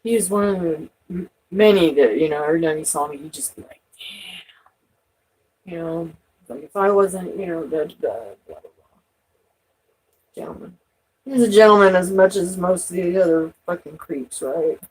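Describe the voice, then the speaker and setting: Husky woman vlogging, rambly and sweary, restarts a lot, gets loud then goes quiet. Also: on the low side, moderate pace, poor audio. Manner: profane, rambling, restarts, loud outbursts and trailing off. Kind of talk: rambling personal talk to camera.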